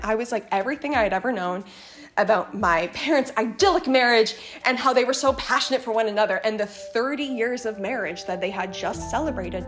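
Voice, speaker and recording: A young woman speaks as an interview guest, recounting a painful family story with raw candor and a few curse words. Her voice sits at an ordinary middle pitch. Music plays clearly beneath her. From Canada. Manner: candid and emotional, with frequent swearing. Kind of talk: personal storytelling.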